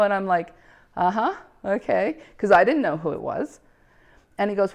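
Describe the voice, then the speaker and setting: A woman's voice: mid-range voice, normal speed, a little mellow. A woman casually telling her own story, animatedly acting out the quoted dialogue and laughing often.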